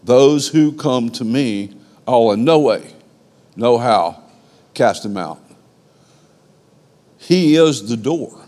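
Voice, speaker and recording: A male pastor delivers a sermon in a church sanctuary, building his points through repeated, emphatic phrases. He takes his time, letting each line land slowly. His voice carries a long reverb from the hall around him. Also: mid-range voice, darkish tone. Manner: emphatic, repetitive preaching cadence.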